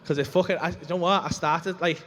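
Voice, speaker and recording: A man doing stand-up comedy on a club stage, brash, sweary and animated. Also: on the high side, fairly quick, in a large hall.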